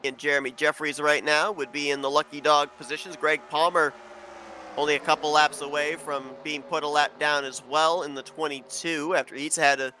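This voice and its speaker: Bright-voiced man calling a sim race. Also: a little high, a little fast, a little hiss or hum. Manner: steady, informative, builds excitement on the close racing. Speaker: race commentator. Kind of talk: sim racing play-by-play commentary.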